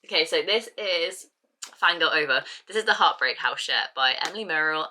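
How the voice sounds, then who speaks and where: A woman vlogging casually to a handheld camera, talking in a gushing, excitable, chatty way. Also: lowish voice, a little fast, slight background noise. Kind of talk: casual vlog chat to camera.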